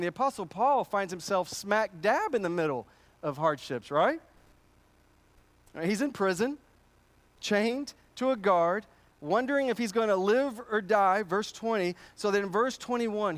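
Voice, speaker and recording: A man preaching a sermon to his congregation, conversational and emphatic, often repeating words as he goes. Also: sits high. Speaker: pastor.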